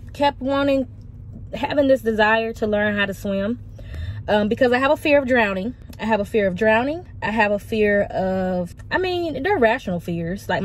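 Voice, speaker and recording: A woman in her twenties vlogging frankly from her parked car, speaking openly and getting emotional. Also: mid-range voice. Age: 20s. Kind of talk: candid personal vlog.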